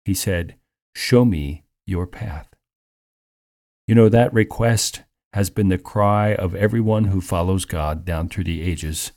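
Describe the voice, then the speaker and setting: A man preaching a sermon in an earnest, measured way, lifting his voice for emphasis. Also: deep voice, fairly even intonation, a little mellow.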